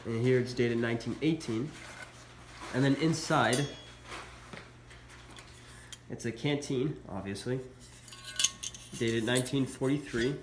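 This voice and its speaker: A man's voice: mid-range voice, takes it slowly, long pauses. A man with a stuffy voice from a cold, casually showing military collectibles in a hesitant, filler-laden way. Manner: casual, hesitant, many uhs. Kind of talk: casual show-and-tell vlog. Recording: echoey room, faint background noise.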